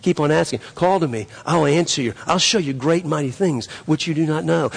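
Gravelly preacher man in a reverberant hall. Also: a little high, a little fast, few pauses. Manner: repetitive, emphatic preaching with many restarts. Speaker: pastor. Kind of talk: sermon. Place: church sanctuary. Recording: long reverb of a church hall.

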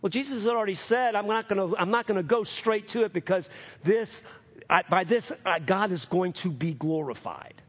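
A man preaching a sermon as pastor, calling for amens, swinging from emphatic highs to hushed lows. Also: normal speed. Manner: calls for amens from the congregation.

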